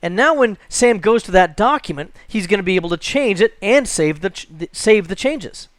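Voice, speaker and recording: A man teaching a screen-recorded software tutorial, chatty and jokey, thinking aloud as he clicks through. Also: high voice, animated, normal speed, no room sound. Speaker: computer instructor.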